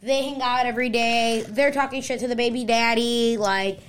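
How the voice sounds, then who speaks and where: A woman's voice: a little high, steady tone, normal speed, clear, resonant tone. A young adult woman hosting a podcast, telling a long story in casual chat, rambling with lots of "like" and reading out text messages. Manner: rambling, heavy use of "like", quotes texts aloud. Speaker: podcast host.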